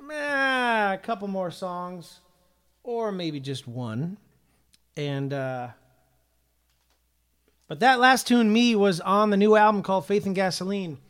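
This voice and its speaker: Upbeat male worship-leader host; loose, chatty livestream delivery, slightly raised pitch. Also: clean tone. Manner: upbeat, chatty, full of ums and uhs. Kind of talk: casual livestream chat.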